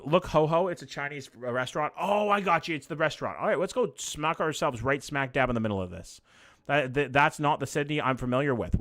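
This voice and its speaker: A man's voice: fairly high pitch, fairly bright tone. A young man hosting a live reaction stream, chatting loosely with viewers, swearing and joking as he reacts to what he sees. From Canada. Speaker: livestream host.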